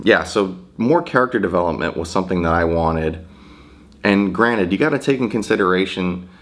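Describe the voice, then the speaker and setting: A man with a very low voice talks through a video game review in a casual, rambling way. He hesitates often, trips over restarts and swears freely. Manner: rambling, profane, hesitant with many fillers.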